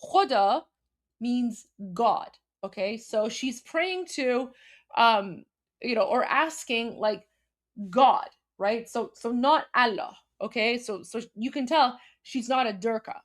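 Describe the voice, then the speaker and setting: A woman's voice: a little high, takes it slowly. A woman from Iran hosting a live commentary stream, talking emphatically with frequent fillers and restarts. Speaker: host.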